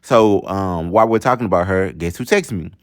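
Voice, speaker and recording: Deep-voiced young man telling a story. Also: fairly quick, no room sound, clean studio sound. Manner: chatty, repeats fillers, talks to viewers. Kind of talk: casual story time.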